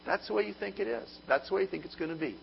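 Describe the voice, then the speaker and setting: Guy preaching, high voice jumping all over, kinda muffled. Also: very fast, creaky, a little hiss or hum. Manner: animated, comic storytelling with mock inner voices. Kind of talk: sermon.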